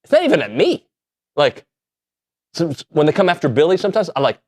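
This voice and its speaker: Man, sports talk host, animated, jokey, lively pitch, casual. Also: fast talker, pauses often. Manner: animated, self-deprecating, jokey.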